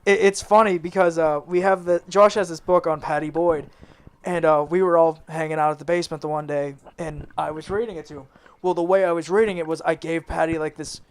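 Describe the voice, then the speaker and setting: A man's voice: on the high side, steady tone, fairly quick, clean tone. A man in a band telling a rambling story in a casual interview, laughing and swearing as he goes. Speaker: band member. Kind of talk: casual anecdote.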